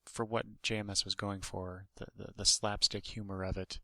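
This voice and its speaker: A man's voice: on the low side, little pitch movement, normal speed, gravelly, sharp tone, no echo. A man hosting a podcast, casually reviewing a comic book in a rambling way, with many restarts and asides.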